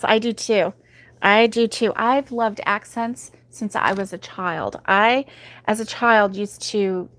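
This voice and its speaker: A woman's voice: mid-range voice, dry recording. A woman hosting a crochet livestream from home, chatting casually and giggling often as she reads viewer comments. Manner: chatty and giggly, with many ums.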